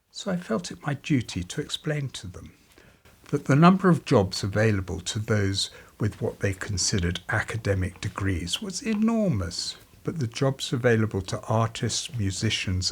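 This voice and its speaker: Wry man with a husky voice. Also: fairly low pitch. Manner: dry, wry humour, lively storytelling. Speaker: artist and part-time art teacher. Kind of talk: reflective storytelling to camera.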